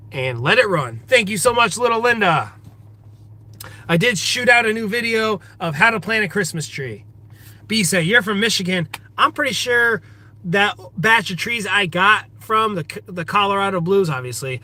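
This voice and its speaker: A man's voice: high voice, bright, forceful tone. A man hosting a casual livestream outdoors in a forest, reading viewer comments aloud and greeting each viewer by name. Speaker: livestream host.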